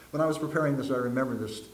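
A man with a medium-pitched voice preaches a sermon as a folksy storyteller, telling jokes and stories and acting out the voices in them. The room is echoey, with slight background noise.

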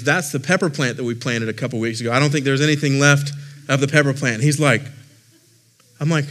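Expressive man preaching a story-filled sermon. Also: medium pitch, fairly quick. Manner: expressive, conversational preaching with self-deprecating humor. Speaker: lead pastor.

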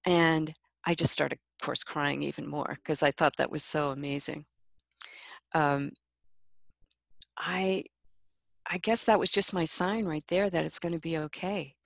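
Female interview guest, lower pitch, dry close mic, soft and reflective. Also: steady tone, measured pace, creaky, pauses often, no room sound. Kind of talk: emotional personal interview.

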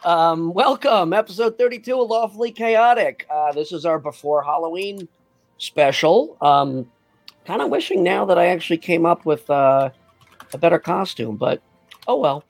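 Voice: mid-range voice, normal speed, gravelly, no room sound, faint music behind. A podcast host in casual chat, hesitant with many fillers and frequent laughter.

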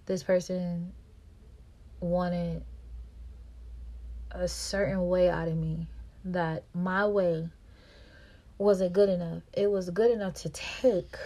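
A woman podcast host, telling a personal story in a monologue and acting out quarrels in a louder, higher voice. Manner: reenacts quarrels with raised pitch and volume.

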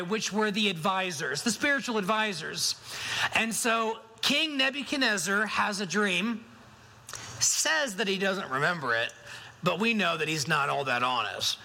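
Bright-voiced male pastor, chatty sermon. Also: high-pitched, low-quality recording. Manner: conversational, asks the congregation questions. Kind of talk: Christmas sermon.

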